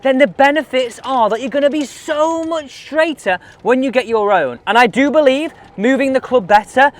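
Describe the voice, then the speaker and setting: A man's voice: very high voice, normal speed. A middle-aged man, a golf coach chatting casually on a range between shots and talking himself through each swing. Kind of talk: casual range-testing vlog commentary.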